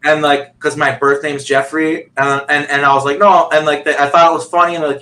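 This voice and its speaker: A man's voice: on the high side, brisk, few pauses, sharp tone, low-quality recording. A man on a video call telling a long personal story in a rambling way, full of fillers and restarts. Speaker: guest.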